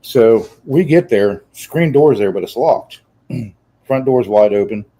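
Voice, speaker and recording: A man in his forties with a mellow, warm voice at a middle pitch. He tells an animated anecdote in easygoing conversation. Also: slow, poor audio. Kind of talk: casual chat.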